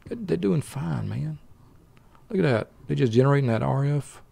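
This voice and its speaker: An older man giving easygoing, slow gameplay commentary meant to help people fall asleep, muttering to himself and bantering with an imagined buddy. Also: mid-range voice, animated, gravelly, warm tone, breathy edge. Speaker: let's play host.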